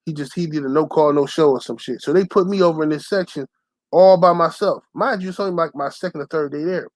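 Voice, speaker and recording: A young man ranting to his channel's viewers, telling a story in a loud, profane, heated way and shouting the lines he quotes. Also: on the high side, fast, dry recording. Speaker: channel host. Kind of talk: profane storytelling rant to camera.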